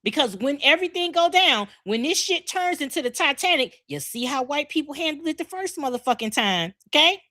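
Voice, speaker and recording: Brash high-voiced woman ranting. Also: big pitch swings, fairly quick, hardly any pauses, bright, forceful tone. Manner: brash, profane, repeats herself. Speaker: podcast co-host. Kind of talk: loud comedic rant.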